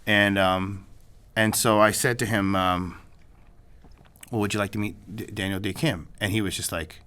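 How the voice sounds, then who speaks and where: A man's voice: fairly low pitch, moderate pace, fairly bright tone. A man telling a story in a casual interview, rambling with many restarts and asides. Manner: rambling, many restarts and "you know what I mean". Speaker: filmmaker guest.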